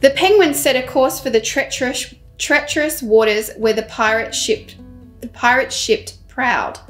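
A woman presenting a children's show, reading a story aloud in an animated, expressive way. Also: high-pitched, normal speed, soft background music.

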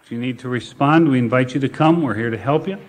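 A male pastor preaching a sermon, reading scripture slowly and building to emphatic repeated phrases. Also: medium pitch, slight background noise. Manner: preaching with rising emphatic repetition; reads scripture slowly and deliberately.

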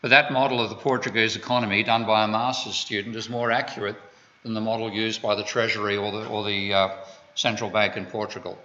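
A man's voice: fairly low pitch, little pitch movement, fairly quick, pushed and bright. An Australian man giving an economics lecture, digressive and full of wry asides. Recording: dull lo-fi lecture recording.

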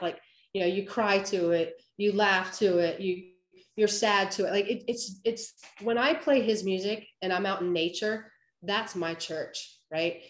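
A woman photographer giving a lively storytelling talk, acting out what people said to her. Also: mid-range voice, unhurried. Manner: animated storyteller, acts out quoted voices. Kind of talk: storytelling presentation. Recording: roomy echo.

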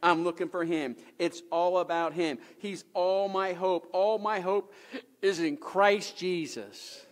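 A man preaches a sermon from the pulpit, his voice sitting unusually high for a man. He drives his points home with emphatic repetition and rhetorical questions. His words ring out with a long echo through the church sanctuary. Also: steady tone, takes it slowly. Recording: echoey church hall.

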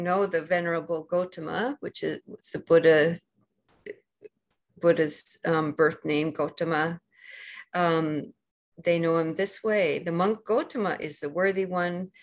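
A woman with a Canadian accent giving a dharma talk as a meditation teacher, gentle and unhurried, pausing often with soft fillers. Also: on the low side. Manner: slow and gentle, with many pauses and fillers.

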